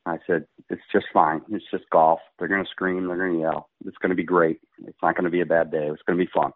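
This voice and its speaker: Heard on a phone-like radio line, this middle-aged man, a pro golfer, speaks low and quick. He tells his story casually and animatedly, voicing the quotes and laughing a lot.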